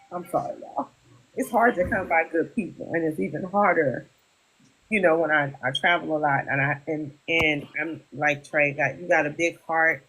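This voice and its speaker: A husky-voiced host of a live audio talk show, speaking earnestly with a fair amount of emotion. The talk circles back on itself with repeated phrases and plenty of 'you know'. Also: mid-range voice, a bit bright, rough recording. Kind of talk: casual chat.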